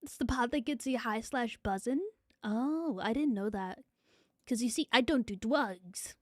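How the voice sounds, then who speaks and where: High-voiced New streamer woman. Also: a little slow, no echo, clean studio sound. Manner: chatty, rambling, repeats phrases, swears casually. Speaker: VTuber streamer. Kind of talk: casual livestream chat reading viewer comments.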